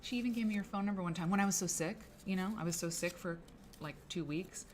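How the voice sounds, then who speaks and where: A woman's voice: fairly low pitch, quick pace, slight background noise. Chatty woman streaming from her office. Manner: rambling, chatty, talks to viewers by name. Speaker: live-stream host. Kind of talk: casual co-working stream chat. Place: her office, late at work.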